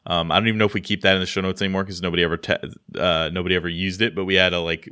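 A man's voice: low-pitched, little pitch movement, rapid-fire, pushed and bright, clean tone. An American man co-hosting a podcast, chatting casually in a rambling, self-deprecating way with lots of restarts. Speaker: podcast co-host. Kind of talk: casual chat.

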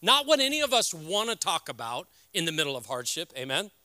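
A middle-aged man preaching a sermon as a pastor, earnest and halting, speaking from the heart. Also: fairly high pitch, very animated, pushed and bright, no room sound, clean studio sound.

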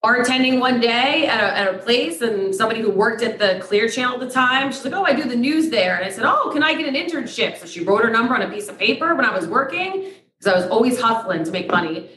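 A woman's voice: fairly high pitch, quick pace, echoey room, slight background noise, low-quality recording. A middle-aged woman, a radio host telling stories in a casual interview and acting out quoted exchanges. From Poughkeepsie, New York. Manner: lively storyteller who acts out quoted exchanges.

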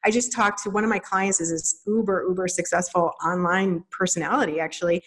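A woman's voice: fairly low pitch, steady tone, brisk. A woman in her thirties hosting a podcast, talking casually and animatedly, acting out little quoted voices as she explains. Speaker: podcast host. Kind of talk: casual teaching monologue.

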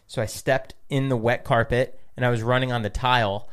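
Smooth-voiced young podcast co-host. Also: male voice, mid-range voice, fairly even intonation, fairly quick, a bit bright. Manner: rambling storytelling, playful. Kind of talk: casual podcast chat.

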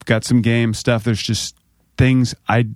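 A man's voice: mid-range voice, flat delivery, takes it slowly, dry recording. A man hosting a podcast from a studio, chatting and interviewing his guest in a friendly way that is full of laughter. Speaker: podcast host. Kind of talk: casual chat. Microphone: studio microphone.

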